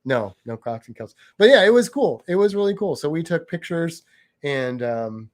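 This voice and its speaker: A man co-hosting a relaxed chat show, rambling along with frequent restarts and self-corrections. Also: on the high side, normal speed. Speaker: podcast co-host. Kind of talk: casual chat.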